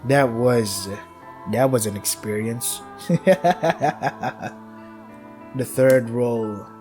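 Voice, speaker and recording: A man's voice: medium pitch, very slow, darkish tone, soft background music. A man streaming a game, reading its text aloud and swearing at it as he laughs.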